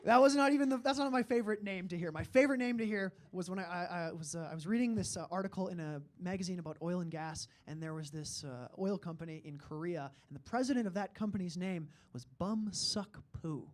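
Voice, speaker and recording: A man's voice: sits high, fast talker, hardly any pauses. A young man from Alberta, Canada, doing a stand-up comedy set, self-deprecating and rambling, with frequent fillers.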